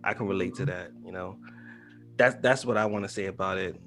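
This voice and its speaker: Deep-voiced man hosting a casual podcast. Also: a little fast, a bit bright, faint music behind. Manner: laid-back, chatty with many fillers. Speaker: podcast co-host.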